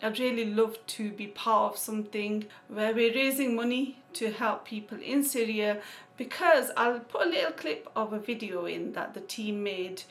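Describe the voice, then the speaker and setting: Lively woman reading out thanks. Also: on the high side. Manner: warm thanks with Islamic phrases, laughing. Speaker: vlogger. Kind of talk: casual chat.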